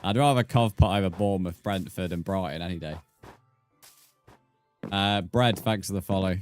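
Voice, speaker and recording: A British man with a low voice chats easily with his viewers while he plays a game live. He banters and thanks new followers between tasks. Soft music plays faintly behind him. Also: moderate pace. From Britain. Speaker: streamer. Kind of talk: casual live-stream chat while gaming.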